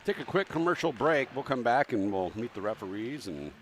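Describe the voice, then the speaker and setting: A man's voice: mid-range voice, lively intonation, fairly quick, slight background noise. A man announcing a local hockey broadcast from a mobile booth at the rink, rambling and joking about himself. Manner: rambling, joking, self-deprecating. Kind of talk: live local sports broadcast.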